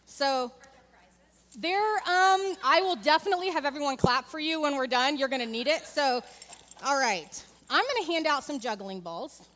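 A woman's voice: sits high, lively intonation, normal speed, fairly bright tone, in a large hall. A woman in her thirties giving a conversational sermon in a church, telling a candid family story and talking directly to the congregation. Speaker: church speaker. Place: church sanctuary.

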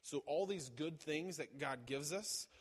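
A man's voice: on the high side, unhurried, breathy edge. Male preacher, casual sermon delivery with fillers and restarts, echoing hall. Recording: long reverb of a large hall.

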